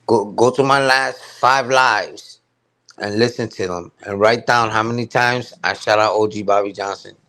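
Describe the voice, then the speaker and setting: A man's voice: lowish voice, moderate pace, sharp tone. Man ranting on a live stream. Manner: heated, repetitive, slangy, keeps asking "you heard?". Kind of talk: casual live-stream rant.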